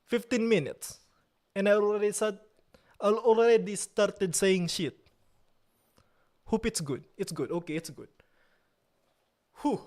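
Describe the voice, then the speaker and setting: A man's voice: sits high, a little mellow. A young man from Italy hosting a live stream, chatting casually with viewers in a playful mock-outraged way. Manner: playful mock outrage, slow drawn-out delivery. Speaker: livestream host.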